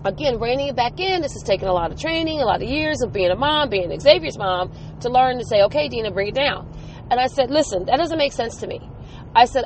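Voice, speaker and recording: A woman's voice: high-pitched, slight background noise. A middle-aged woman talking casually, venting and retelling conversations in quotes. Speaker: mother vlogging about her day. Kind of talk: casual storytelling monologue.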